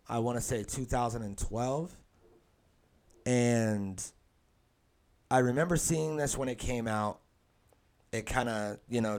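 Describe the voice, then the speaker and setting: A man's voice: mid-range voice, a little mellow. Joking, rambling podcast host, a man. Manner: rambling, joking, quick to laugh. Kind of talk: casual chat.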